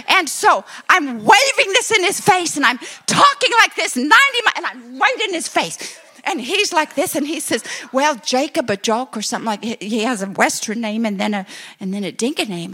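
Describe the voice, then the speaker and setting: Woman, middle-aged, preacher, sermon testimony, high voice, bright tone, animated storytelling. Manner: animated storytelling, acts out her own excited quotes.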